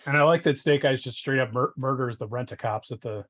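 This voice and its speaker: A man guesting on a casual comic book review, dropping deadpan, sarcastic quips. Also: medium pitch, a little fast.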